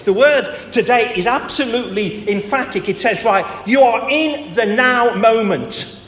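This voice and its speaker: A man preaching a sermon with emphatic delivery, rhetorical questions and dramatic pauses, in a church hall. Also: very high voice, fairly bright tone, a little hiss or hum. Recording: echoey hall with faint ambience.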